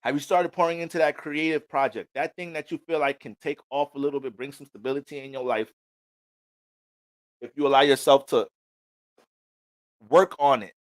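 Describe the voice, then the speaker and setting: A male astrologer giving a casual astrology reading, animated and preachy, with heavy cursing. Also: a little high, normal speed, long pauses, no room sound.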